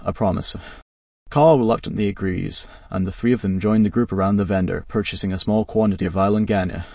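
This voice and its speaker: A man narrating a scripted story in a flat, even read. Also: on the low side, husky, dry recording, distant mic.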